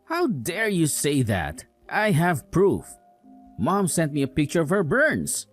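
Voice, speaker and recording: Lady doing an angry mama's-boy husband, accusing tone, low-ish, soft music underneath. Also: very animated, slow pace, full character voice. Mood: scolding, accusing. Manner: accusing, scolding. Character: angry young husband, mother-loyal, hot-tempered. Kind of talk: dramatized story dialogue.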